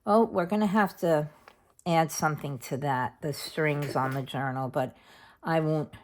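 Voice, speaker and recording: A middle-aged woman hosting a craft tutorial, chatting casually and thinking aloud as she works at her craft table. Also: deep voice. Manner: chatty, unhurried, thinks aloud while working. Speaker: craft channel host.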